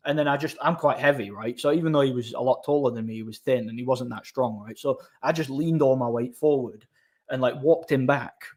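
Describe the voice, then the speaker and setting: A man's voice: medium pitch, fairly quick. A man, casually telling a story as host of his own channel, repeating words and using many fillers.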